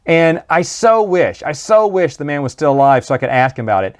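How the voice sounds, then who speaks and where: A man's voice: a little high, sing-song, fairly quick. A man giving a casual, rambling book review, full of restarts and asides. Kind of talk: casual monologue.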